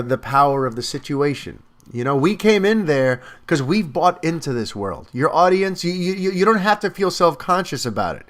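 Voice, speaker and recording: Animated man reviewing a film. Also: medium pitch. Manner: animated, lots of fillers and restarts. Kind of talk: casual spoken movie review.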